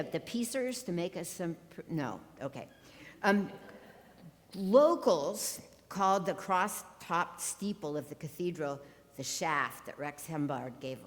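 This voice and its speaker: A woman pastor preaching a sermon from the pulpit, with wry, sarcastic asides. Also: lowish voice. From Ohio. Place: church sanctuary. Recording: long church reverb.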